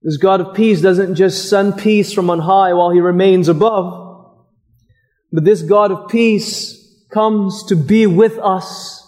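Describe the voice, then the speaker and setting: A man preaching a sermon as pastor, slow and deliberate, pausing for emphasis on single words. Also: sits high, steady tone, darkish tone. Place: church.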